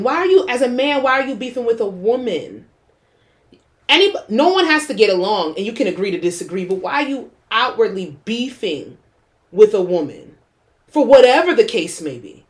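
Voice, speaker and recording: A young adult woman co-hosting a podcast in casual chat, blunt and opinionated and swearing freely. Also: mid-range voice. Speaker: podcast co-host.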